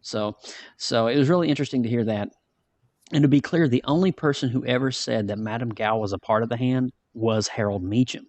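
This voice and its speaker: A man's voice: medium pitch, a little fast, a little mellow, dry recording. A man hosting a podcast, chatting casually and ranting animatedly, with frequent restarts. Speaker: podcast host. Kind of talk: casual review chat.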